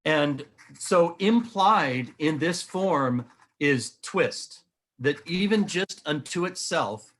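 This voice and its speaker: A man's voice: a little high, pushed and bright. A middle-aged man giving an earnest, enthusiastic explanation of geometric models as an interview guest. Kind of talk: animated explanation while showing models.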